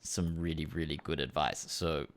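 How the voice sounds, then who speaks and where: A young man hosting an interview over a video call from home, speaking softly and agreeably. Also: a bass voice, steady tone, normal speed, vocal fry. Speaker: host. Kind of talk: interview talk.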